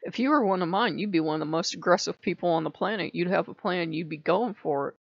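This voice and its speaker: A woman voicing a calm, aloof great white shark spirit that speaks in a cool, matter-of-fact way. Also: fairly low pitch, quick pace, gravelly, no echo, highs cut off.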